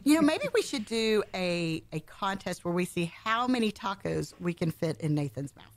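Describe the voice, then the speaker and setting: A woman's voice: fairly low pitch, very animated, moderate pace. A woman guest-hosting a local radio show, chatty and bubbly, joking about herself and laughing often. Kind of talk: casual radio chat.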